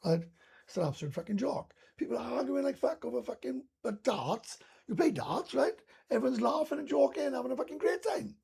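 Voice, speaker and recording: A man's voice: very high-pitched, animated, brisk, gravelly, darkish tone, husky. A Welsh man from Wales doing a casual live stream chat, rambling and ranting with heavy swearing.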